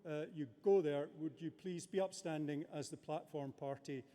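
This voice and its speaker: A man's voice: fairly high pitch, mellow. Man speaking in an echoing abbey. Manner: measured and good-humoured, with many hesitations. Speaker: university official presiding over a graduation ceremony. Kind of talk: formal ceremonial address. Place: large abbey. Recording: long reverb of a large abbey.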